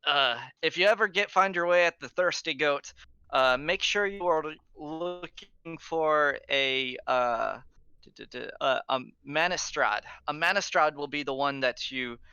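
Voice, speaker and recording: A man's voice: fairly high pitch, a little slow, sharp tone, clean tone, no room sound, highs cut off. A man voicing a drunk, jovial elderly male guard captain who hiccups and stumbles over his words in a tabletop game. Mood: hearty.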